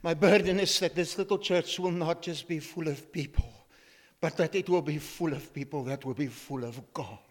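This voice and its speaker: A man's voice: on the high side, moderate pace, big-room sound. An older man preaching a sermon in a church, emphatic and full of rhetorical questions as he quotes scripture. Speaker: pastor.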